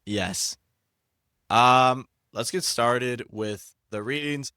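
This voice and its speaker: A man's voice: mid-range voice, extremely slow, pushed and bright, smooth, no echo, studio quality. A young man co-hosting a casual podcast, hyper and jokey as he rambles and reads scripture. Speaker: podcast co-host.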